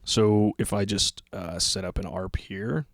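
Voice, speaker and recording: A man casually demonstrating synthesizer modules as the host of his own channel. He explains in a relaxed, loose way, often restarting his sentences. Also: fairly low pitch, measured pace, loud music behind the voice. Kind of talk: casual hands-on gear demonstration.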